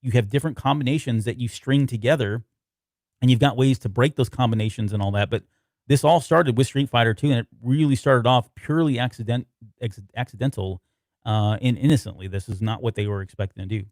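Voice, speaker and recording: A man's voice: medium pitch, a little fast, a little mellow, no room sound, clean studio sound. A man co-hosting a casual podcast, talking loosely and reading notes aloud as he goes. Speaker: podcast co-host.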